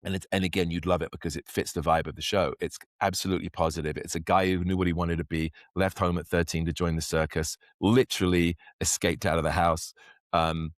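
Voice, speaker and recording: A man with an English accent, a podcast guest, chatting casually in a rambling, animated way. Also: sits low, a little fast, dry recording, studio quality. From England. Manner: rambling, animated storyteller who acts out quotes. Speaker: podcast guest, actor and magician. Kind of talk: casual interview chat.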